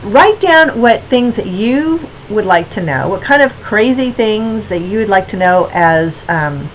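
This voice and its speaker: A woman's voice: medium pitch, animated, a little slow, muffled recording. Brief: woman gallery owner, casual livestream chat, rambling and unscripted, slight noise behind. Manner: rambling, many fillers and restarts.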